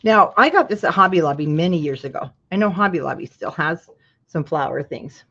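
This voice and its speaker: A woman's voice: low-pitched, lively intonation, fairly quick, fairly bright tone, dull audio. A woman from Utah hosting a live craft tutorial, talking viewers through each step in a chatty way and breaking off into asides. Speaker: craft show host.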